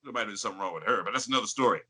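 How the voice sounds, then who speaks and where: A man in his fifties from St. Louis speaks low, yet his voice has a strikingly bright, cutting edge. He tells stories loosely and with animation, slipping into impressions. His voice sits in a deep bass register. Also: very fast, breathy edge, poor audio. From St. Louis, Missouri. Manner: animated storyteller who breaks into impressions and laughs. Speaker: guest voice actor. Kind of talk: casual interview storytelling.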